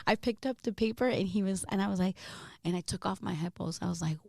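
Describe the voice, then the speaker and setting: A woman radio host telling candid stories in a casual interview, animated and quick to laugh, swearing freely. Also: mid-range voice, gravelly, no room sound, studio quality.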